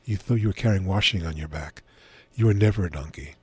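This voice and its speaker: A middle-aged man speaks in a husky, slightly low voice as a guest on a radio show. He tells his stories gently and without hurry, close to a dry studio mic. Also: dry recording. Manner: gentle, unhurried storyteller. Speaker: author and spiritual teacher as guest. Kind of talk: relaxed radio interview storytelling.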